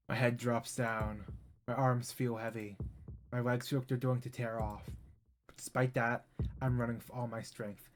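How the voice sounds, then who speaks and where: A man's voice: mid-range voice, flat delivery, normal speed, background noise. A man streaming as a VTuber, reading a visual novel aloud with drama and breaking into rambling asides.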